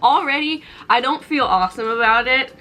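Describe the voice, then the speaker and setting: Bright-voiced young woman vlogging casually. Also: sits high, normal speed, poor audio. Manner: chatty and self-deprecating, rambling with fillers and laughs. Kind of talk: casual vlog chat to camera. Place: home kitchen and bedroom.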